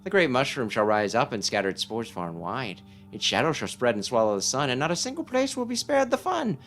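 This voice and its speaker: A man voicing an eccentric old mushroom mystic, speaking in a high, drawn-out, sing-song way. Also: big pitch swings, fairly bright tone, slight background noise.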